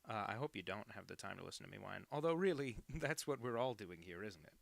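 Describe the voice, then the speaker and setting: A man's voice: fairly low pitch, animated, fast, gravelly, dry recording. A man chatting casually on a live drawing stream, rambling and self-deprecating with crude asides.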